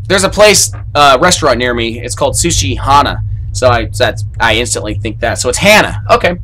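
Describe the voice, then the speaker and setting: A man commentating his own horror gameplay, swearing a lot and yelling in panic when the game startles him. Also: medium pitch, expressive, normal speed, slight background noise.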